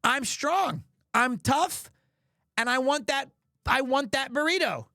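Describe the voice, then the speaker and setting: A stubborn, determined woman, as a man puts her on while retelling a story, speaking firmly in a fairly high voice. The sound is dry and close, with no room around it. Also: animated, normal speed, no echo, lightly acted. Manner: firm, determined.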